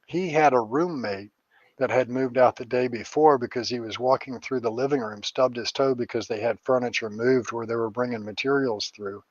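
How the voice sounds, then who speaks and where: A man's voice: mid-range voice, normal speed, no echo, lo-fi sound. A middle-aged man, a psychic medium and paranormal investigator, rambling through stories in a casual interview, with crude jokes and swearing.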